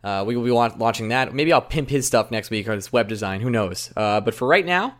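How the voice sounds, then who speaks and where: A man hosting a casual podcast, excitable and joking, with quick outbursts. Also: mid-range voice. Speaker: podcast host.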